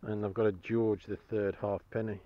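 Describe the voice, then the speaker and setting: A man's voice: on the low side, little pitch movement, moderate pace, dull audio. A man chatting cheerfully to the camera as he metal-detects outdoors, chuckling and enthusiastic about each find. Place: outdoors in a field.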